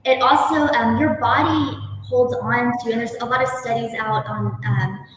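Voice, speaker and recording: A woman yoga instructor speaking calmly, gently guiding breathing and stretches. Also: fairly high pitch, normal speed, very echoey, long reverb tail, recorded from a distance, slight background noise, rough recording. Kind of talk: guest interview then guided yoga instruction.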